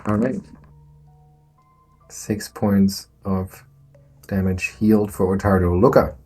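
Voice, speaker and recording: A man narrating and running a tabletop game as game master, with dramatic, unhurried narration. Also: sits low, level tone, darkish tone, slightly rough, faint music behind.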